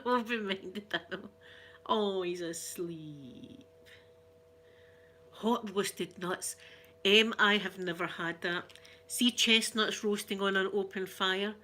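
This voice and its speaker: A Scottish woman hosting a relaxed live stream, chatting and giggling as she answers viewer comments. Her voice is bright and forward. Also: mid-range voice. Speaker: ASMR channel host. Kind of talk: casual live-stream chat.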